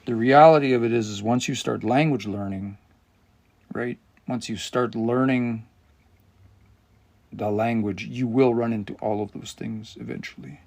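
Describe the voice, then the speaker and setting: This language teacher runs a live lesson in a measured, mid-range voice that's gravelly with vocal fry. He reasons through the grammar out loud, occasionally halting to hunt for a word.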